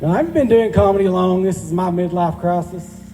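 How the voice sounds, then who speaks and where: Recorded in a reverberant hall at a live benefit, a forties-aged stand-up comic from rural Georgia works a crude, self-mocking set in his Southern drawl. He speaks high-pitched and a little fast over background noise.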